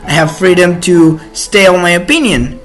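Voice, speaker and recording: A man's voice: sits high, moderate pace, a bit bright, soft background music. A man hosting his own channel, delivering an indignant, opinionated monologue that halts and restarts as he goes. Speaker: channel host. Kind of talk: ranting monologue.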